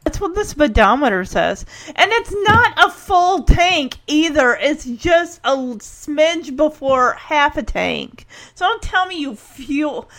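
A woman giving a casual reaction commentary, chatty and animated, retelling the scene. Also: high voice, slow pace. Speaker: video reactor.

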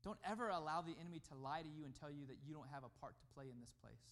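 A man preaching a sermon as pastor, emphatic, rising and falling in loudness. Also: a little high, expressive, very fast.

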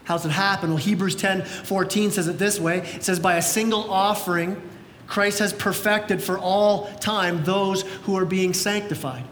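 A middle-aged male pastor preaching a sermon, energetic, often repeating words as he goes. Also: moderate pace. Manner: energetic, repeats words, acts out quoted voices. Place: large church sanctuary. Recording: echoey church hall with faint rumble.

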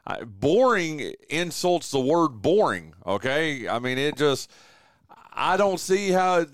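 A man from southwestern Virginia hosts a radio show, chatting casually and emphatically about sports in a studio. His voice is fairly high and very animated, his pace slow, and he says "dude" a lot. The studio mic gives a clean sound with no echo.

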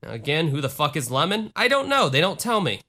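A man's voice: on the high side, sing-song, quick pace, pushed and bright. A man from Florida co-hosting a comedy podcast, reading aloud with irreverent, swearing asides. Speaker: podcast co-host. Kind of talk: casual comedic podcast chat.

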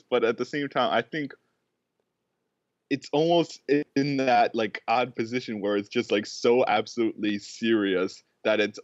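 A man's voice: mid-range voice, fairly even intonation, a little slow, no echo, highs cut off. A young man on a podcast in casual chat, hesitant and prone to repeating words. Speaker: podcast guest.

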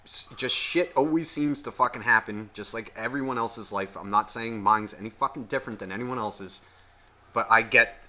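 Bright-voiced, profane storytelling man. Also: mid-range voice. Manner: profane, rambling, animated storyteller. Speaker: podcast co-host. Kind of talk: casual storytelling chat.

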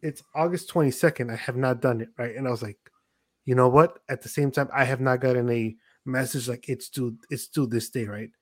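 A man's voice: medium pitch, fairly quick, few pauses, dry recording. Chatty man on a podcast, dry mic. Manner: animated storyteller, quotes himself and others. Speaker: podcast host. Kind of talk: casual chat.

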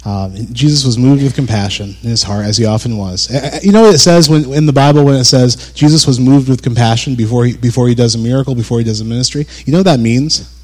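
A man in the middle of a Bible teaching, talking in a relaxed, chatty way. His pitch sits at an ordinary middle level. He chuckles now and then and acts out the voices of the people he quotes. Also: fast. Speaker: preacher.

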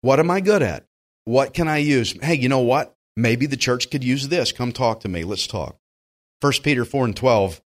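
A man with a Southern US accent preaching a sermon as pastor, folksy and animated, acting out the voices of the people he quotes. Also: medium pitch, normal speed.

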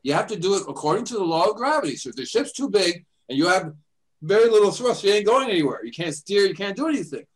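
A man's voice: high-pitched, big pitch swings, fast, rough recording. An older man hosting a radio show, chatting casually and rambling through stories. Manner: rambling storyteller, acts out voices in his anecdotes. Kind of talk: casual chat.

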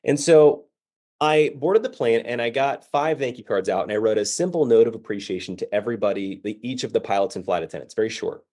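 Animated male motivational storyteller. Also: mid-range voice, fairly quick. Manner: animated storyteller acting out quoted voices. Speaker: keynote speaker.

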